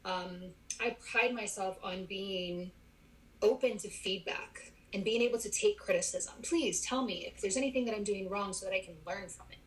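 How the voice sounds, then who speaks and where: A woman, a clinical psychologist, chatting as a podcast guest, animated and laughing often as she tells stories. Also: mid-range voice, moderate pace, poor audio. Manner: animated storyteller, laughs often, quotes her parents. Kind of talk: casual podcast conversation. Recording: audio-only podcast.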